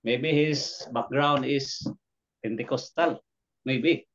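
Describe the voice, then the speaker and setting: A man in a preaching class politely asking his teacher a question, speaking haltingly and saying "sir". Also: mid-range voice, a bit bright, highs cut off. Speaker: student.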